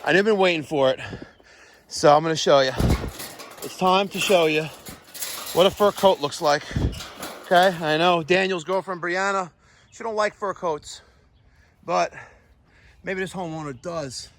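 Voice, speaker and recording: A man, vlogging outdoors while servicing air conditioners, excitable and quick to exclaim and laugh. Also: sits high, a little hiss or hum. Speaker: plumbing and HVAC contractor. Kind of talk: on-the-job vlog. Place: outdoors at a house.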